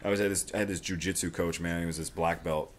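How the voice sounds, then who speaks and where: A young man from Florida, hosting a live fight watch-along, talking in an excitable, rambling way full of swearing. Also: low-pitched, fast, a little hiss or hum. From Florida, USA. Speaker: livestream host.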